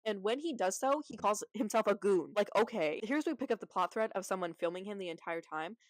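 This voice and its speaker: Woman, casual movie recap, sarcastic, rapid talk, dry close sound. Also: mid-range voice, lively intonation, no echo, poor audio. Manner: chatty, sarcastic, heavy use of "like".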